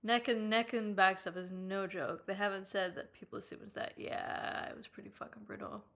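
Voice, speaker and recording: A young Irish woman runs a live stream at a normal speed in a mid-range voice, casually talking with viewers and reading out their comments. There's lots of giggling and free swearing, and she squeals whenever she gets excited.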